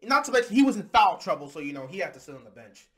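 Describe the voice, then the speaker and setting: A man with a notably high-pitched voice rants about his basketball team's loss. He sounds heated and exasperated and keeps breaking into bursts of shouting. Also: sing-song, racing. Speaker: sports commentator. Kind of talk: angry fan rant.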